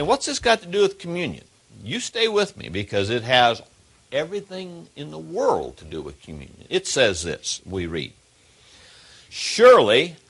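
A man preaching a sermon as pastor, swinging between quiet asides and loud emphatic calls. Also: mid-range voice.

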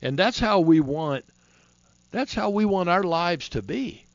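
A man's voice: sits high, expressive, measured pace, dry recording, muffled recording. Folksy rambling male preacher host. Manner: folksy and rambling, many restarts. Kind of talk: Christian preparedness talk show.

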